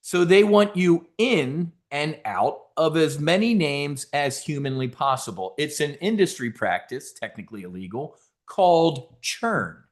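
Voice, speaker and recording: A man giving an energetic trading seminar talk, brash and direct, joking with the audience. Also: a little high, a little slow, hardly any pauses. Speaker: conference speaker.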